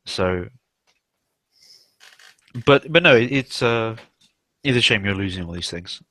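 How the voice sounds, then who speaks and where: Brief: young man, low voice, dry close mic, loose sweary rambling host. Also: animated, a little slow, bright, forceful tone, no room sound. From South West England. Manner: rambling and sweary, many fillers. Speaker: stream host. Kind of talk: casual livestream chat.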